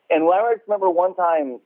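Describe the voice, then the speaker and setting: A man's voice: high voice, measured pace. A man telling stories in casual chat, laid-back, swearing a lot and laughing as he talks. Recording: tinny phone-like line.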